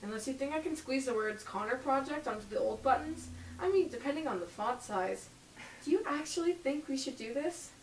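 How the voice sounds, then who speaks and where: Woman reading awkward shy teen boy, high voice, halting, distant echoey room. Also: animated, slight background noise. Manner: hesitant, stumbling. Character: awkward nervous teenage boy, Evan. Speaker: audition reader.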